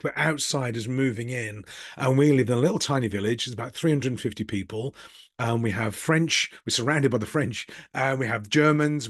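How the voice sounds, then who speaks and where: In a dry, studio-quality recording, a middle-aged Birmingham man with a mid-range voice muses casually and candidly, drifting a bit and poking fun at himself. He's a business coach and channel host from Birmingham, England.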